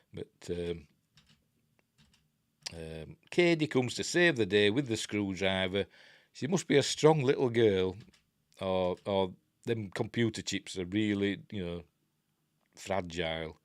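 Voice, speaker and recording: A man's voice: low-pitched, animated, slow pace, pauses often, no echo. An older man with a Yorkshire accent, casually talking through a film review with rambling, self-interrupting chat and wry asides. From Yorkshire, England.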